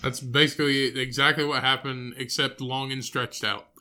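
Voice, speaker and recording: A man's voice: mid-range voice, little pitch movement, moderate pace, pushed and bright. A man co-hosting a podcast in loose, profane casual chat. He laughs often and trails off mid-thought. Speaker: podcast co-host.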